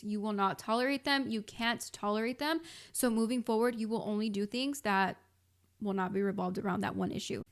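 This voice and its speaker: A woman in her twenties hosting a motivational solo podcast, talking casually and emphatically with lots of filler words and direct address to listeners. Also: on the high side. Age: 20s. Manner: casual and emphatic, frequent "like" and "you guys". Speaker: podcast host.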